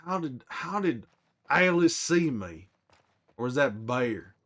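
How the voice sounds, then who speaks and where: Speaking slowly with big swings in his medium pitch and a slightly bright quality, a man voices a hot-tempered, protective, grizzled middle-aged survivor during in-character game commentary. He curses a lot and berates himself, sounding bitter and full of remorse.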